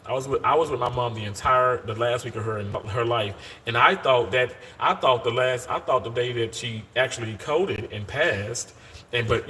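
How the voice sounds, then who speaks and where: Bright-voiced upbeat man chatting to viewers. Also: mid-range voice, slight background noise. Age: 30s. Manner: upbeat and talkative, addresses viewers as y'all, often restarts sentences. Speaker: live-streaming surgical worker. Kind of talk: casual live-stream chat reading viewer comments. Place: hospital.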